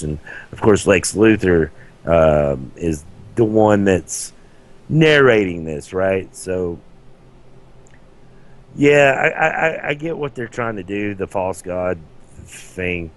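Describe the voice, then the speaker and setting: Casting: young adult man, very low voice, casual podcast co-host, loose and rambling. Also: animated, slow pace. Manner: chatty, hesitant with many restarts. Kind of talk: casual chat.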